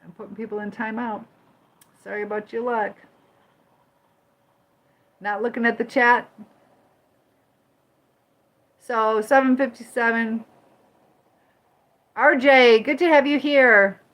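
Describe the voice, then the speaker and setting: A woman's voice: fairly high pitch, fairly even intonation, unhurried, long pauses, fairly bright tone. A woman from Michigan and Indiana hosting a casual livestream, chatting with viewers, greeting them by name and firmly moderating the chat. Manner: firm when moderating the chat. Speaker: livestream host.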